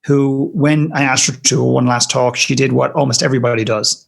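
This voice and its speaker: Male podcast guest, emphatic storyteller, husky gravelly voice. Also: mid-range voice, fairly even intonation, fairly quick, hardly any pauses. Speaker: guest speaker.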